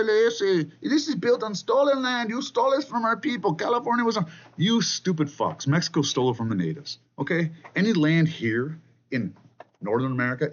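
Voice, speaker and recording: A man ranting angrily and profanely about politics, loud and contemptuous. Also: medium pitch, husky, highs cut off. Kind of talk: angry political rant.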